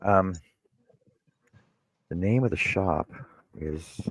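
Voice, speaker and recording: Man co-host, deep voice, loose rambling storyteller, dry mic. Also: drawn-out words, breathy edge, no echo, low-quality recording. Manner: rambling storyteller, many restarts. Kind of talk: casual chat.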